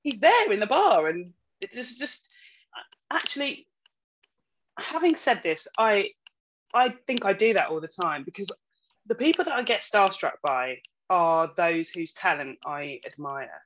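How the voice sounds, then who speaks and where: A woman who works as an actor, a guest on a casual podcast, telling stories in an animated way and laughing often. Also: lowish voice, a little slow. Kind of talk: casual interview chat. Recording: slightly dull, faint noise.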